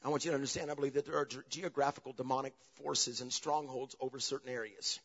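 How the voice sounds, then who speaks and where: A man preaching a sermon as pastor, swinging between loud, animated passages and low, quiet asides. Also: fast, husky. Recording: dull, long reverb of a large hall.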